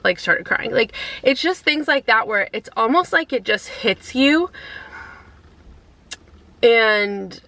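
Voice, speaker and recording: A woman in her thirties chatting casually to camera from her car, emotional and near tears, halting with many fillers. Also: a little high, lively intonation, sharp tone, low-quality recording. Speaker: vlogger. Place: inside a car.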